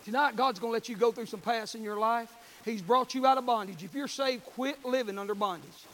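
A man preaching a sermon in church, telling folksy stories with fervent bursts of shouting. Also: extremely high pitch, brisk, a little hiss or hum.

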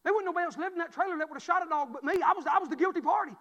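High-voiced preacher telling a story. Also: male voice, rapid-fire, long reverb tail, dull audio. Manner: folksy storytelling, swings from loud to hushed. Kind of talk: storytelling sermon. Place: church.

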